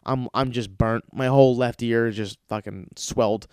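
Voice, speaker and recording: Male podcast host, middle pitch, dry close mic, rambling and crude, slips into other people's voices. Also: moderate pace, smooth, dry recording. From lives in Los Angeles. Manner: profane, rambling, animated, mimics others in high voices. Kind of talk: casual storytelling monologue.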